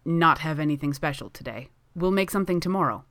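A woman's voice: low-pitched, lively intonation, quick pace, a bit bright, dry recording. A woman reading aloud and voicing a cheerful young Russian baker who speaks clipped, broken English. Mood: warm. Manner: clipped broken English, drops small words.

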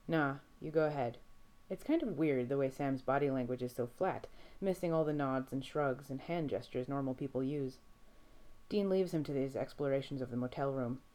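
A woman narrating a story aloud in a steady, measured reading voice. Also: a bass voice. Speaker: reader. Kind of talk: audiobook fiction reading.

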